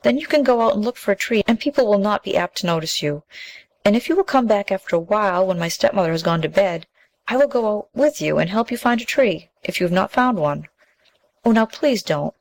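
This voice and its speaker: A woman's voice: mid-range voice, lively intonation, brisk, lightly acted, poor audio. A woman voicing a kind, practical young village girl who speaks earnestly and politely in a storybook reading.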